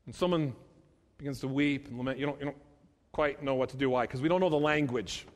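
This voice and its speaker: A man preaching a sermon, emphatic, repeating phrases and slowing down to stress key words. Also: mid-range voice. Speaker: pastor. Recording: long hall reverb.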